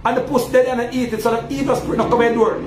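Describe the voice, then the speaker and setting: Emphatic Jamaican man with very high voice. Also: flat delivery, rapid-fire. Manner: emphatic, asks the audience "you understand?". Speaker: self-styled Maroon chief. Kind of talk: preaching monologue. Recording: roomy echo with faint ambient noise.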